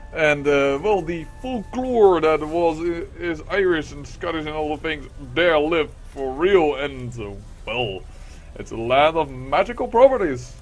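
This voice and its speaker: A man hosting a let's play, reading game dialogue aloud and rambling in a self-deprecating way into a desk microphone. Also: a little high.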